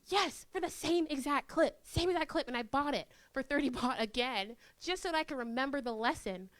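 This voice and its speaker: A young woman presenting a workshop in a university classroom, lively and chatty, acting out little scenes in quoted voices. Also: high voice, no echo. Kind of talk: live workshop talk.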